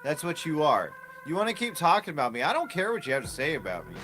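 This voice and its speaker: Man, high and animated, heated profane livestream rant; faint music behind. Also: fast.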